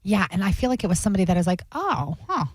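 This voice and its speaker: A woman's voice: mid-range voice, very fast, darkish tone, no echo. A woman co-hosting a radio show from the studio, chatty and amused, reading out celebrity news in casual banter. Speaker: radio co-host.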